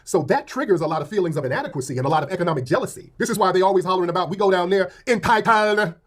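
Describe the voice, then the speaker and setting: An American man with a fairly high, husky voice rants at speed, mocking as he goes. His delivery is casual and heated. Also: animated, very fast. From United States. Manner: mocking, ranting, quotes people in put-on voices. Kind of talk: casual rant to camera.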